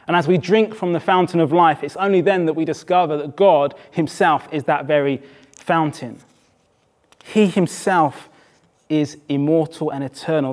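Male preacher from England, slightly high voice, conversational but emphatic sermon delivery in church. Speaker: pastor.

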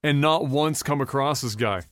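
A man's voice: mid-range voice, normal speed, fairly bright tone, no echo. A man co-hosting a casual podcast, reacting with casual swearing and amazement. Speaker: podcast co-host. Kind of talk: casual chat.

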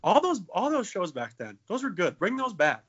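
Podcast co-host, man, late 20s, bright and jokey, lo-fi sound. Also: high-pitched, wildly swooping pitch, normal speed, breathy edge. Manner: jokey, profane, playful. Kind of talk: casual comedic chat.

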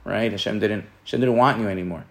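A man's voice: fairly low pitch, quick pace, creaky. Rambling man teaching Torah. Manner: rambling, repeats words and restarts often. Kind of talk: informal Torah class.

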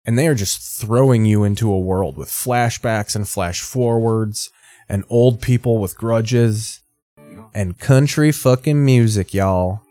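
A man's voice: on the low side, unhurried, dark tone. A man giving profane, sarcastic reaction commentary on a TV drama.

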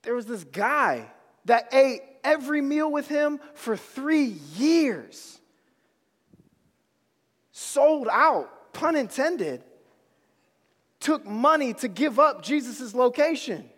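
High-voiced man preaching slowly in a hall. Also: lively intonation, a bit bright. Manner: repetitive, emphatic, casual slang. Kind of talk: sermon.

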